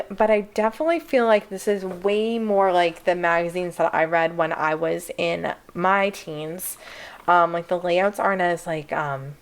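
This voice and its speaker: A young woman vlogging as she unboxes and reacts, excited and chatty, with "like" in nearly every phrase. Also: medium pitch. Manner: excited, chatty, full of "like" fillers.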